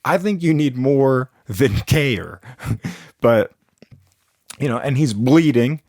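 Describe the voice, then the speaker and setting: A young man spins an improvised comic story, rambling along with plenty of fillers and chuckling at his own jokes. His voice sits at an ordinary middle pitch. It is recorded close and dry, with no room sound. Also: lively intonation, slow pace, a little mellow, no echo. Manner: rambling, chuckles between lines, lots of fillers.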